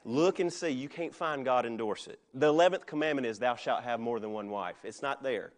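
A middle-aged man preaching a sermon in a relaxed, conversational way. His voice sits at an ordinary pitch for a man, and he mixes humor and asides into the preaching. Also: a little fast. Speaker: pastor.

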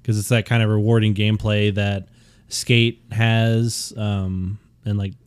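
A man's voice: lowish voice, level tone, measured pace, clean tone, no room sound. A young man co-hosting a gaming podcast, rambling and stumbling over his words with casual swearing. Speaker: podcast co-host.

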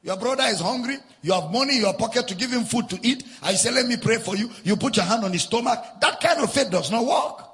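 A male pastor preaches with a high, gravelly voice that swoops widely in pitch. He hammers his points through repetition and sing-song stresses, and a long hall reverb trails each phrase. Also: lively intonation, quick pace, few pauses, fairly bright tone. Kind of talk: sermon.

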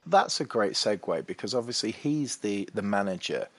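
A man's voice: fairly low pitch, animated, moderate pace, fairly bright tone, dry recording. A man hosting a casual podcast interview, asking rambling, self-correcting questions. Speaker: podcast host.

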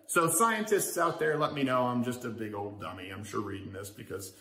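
A man's voice: mid-range voice, fairly quick, hardly any pauses, a bit bright, roomy sound. A man hosting a political talk show monologue, sarcastic and rousing. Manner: sarcastic, rousing, chuckling at his own jokes.

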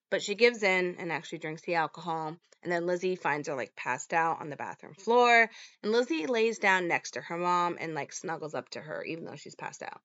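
A woman's voice: fairly low pitch, lively intonation, normal speed, fairly bright tone, dry recording, lo-fi sound. A woman hosting a podcast, recapping a horror film in a casual, chatty way full of "like" and "um". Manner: chatty, lots of "like" and "um". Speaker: podcast host.

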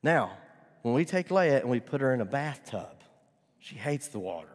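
A man's voice: mid-range voice, very animated, moderate pace. Earnest preaching man in a reverberant hall. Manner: earnest, building to loud emphatic stretches. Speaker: pastor. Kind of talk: sermon.

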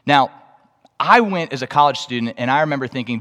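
A young man preaching a sermon, telling a story with animated energy that jumps into excited outbursts. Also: medium pitch, a little fast. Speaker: pastor. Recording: long reverb of a large hall.

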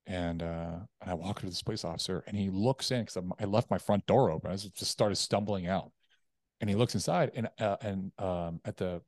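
Male guest, low voice, candid storyteller, dry close mic. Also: a little fast, no echo. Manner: candid, animated retelling with acted quotes. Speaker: podcast guest. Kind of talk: personal storytelling.

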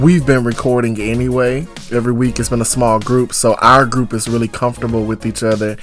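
A man co-hosting a casual podcast, his voice worn down from singing at church all day, lively and quick to break into song. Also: fairly low pitch. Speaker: podcast co-host. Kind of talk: casual chat.

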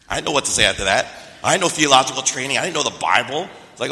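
A pastor giving a sermon, telling a story and asking the listeners questions. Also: male voice, medium pitch, lively intonation, very fast, pushed and bright. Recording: reverberant hall.

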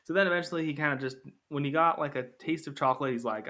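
Bright-voiced young man rambling casually. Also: medium pitch, fast talker. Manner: rambling, self-correcting, jokey asides. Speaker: film reviewer. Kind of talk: casual spoken commentary.

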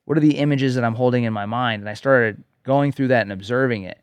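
A man's voice: mid-range voice, quick pace, clean tone, no echo. Earnest man telling a story on a podcast. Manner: earnest storytelling, emphatic "okay?" check-ins. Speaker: podcast co-host, coach. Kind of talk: casual podcast conversation.

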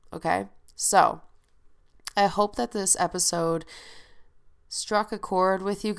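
A woman's voice: fairly low pitch, creaky, clean tone. A woman hosting a podcast with a stuffed-up, nasal voice, talking in a chatty, emphatic, motivational way. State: stuffed-up nose. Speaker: podcast host. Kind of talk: casual solo podcast monologue.

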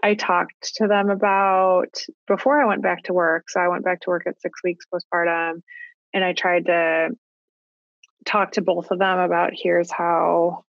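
A woman in her thirties, a parent talking about her family in a casual conversation, thoughtful and halting, with frequent restarts. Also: lowish voice, little pitch movement, vocal fry, no echo, dull audio. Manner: reflective, halting with restarts and likes. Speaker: guest parent.

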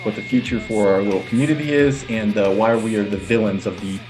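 A man's voice: on the low side, steady tone, fast, music in the background. A man co-hosting a casual podcast, laid-back and joking, chuckling between points. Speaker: podcast co-host.

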